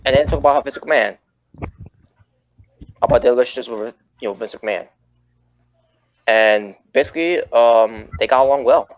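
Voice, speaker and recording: A man hosts a casual wrestling chat podcast, rambling and frequently correcting himself mid-sentence. His voice is mid-range at a moderate pace with long pauses, and the audio is muffled and lo-fi.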